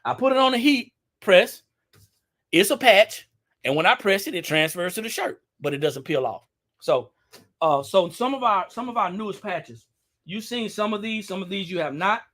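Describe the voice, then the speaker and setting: Shop owner with a Louisiana twang, casual live-stream host, chatty and repetitive, higher-pitched male voice. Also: expressive, moderate pace, fairly bright tone. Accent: Louisiana Southern. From Baton Rouge, Louisiana. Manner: chatty, repeats himself, addresses viewers directly.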